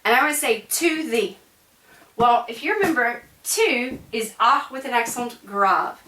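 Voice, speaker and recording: Speaking fairly high and a little slowly with a sharp tone, an English-speaking woman lectures on French grammar. She keeps it chatty, pausing often to ask her students "right?" The mic is far from her in an echoey room, with a bit of hiss or hum.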